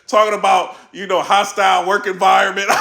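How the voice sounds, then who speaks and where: High, excitable man with a gravelly edge. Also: roomy sound. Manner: animated, laughing, quoting others in a raised voice. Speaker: battle rap commentary vlogger. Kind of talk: excited casual commentary.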